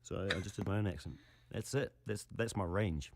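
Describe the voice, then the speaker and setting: A man with a New Zealand accent, joking about himself in a deadpan, self-mocking way. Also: lowish voice, brisk, no room sound. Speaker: actor in a comic clip. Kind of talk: comic self-mocking monologue.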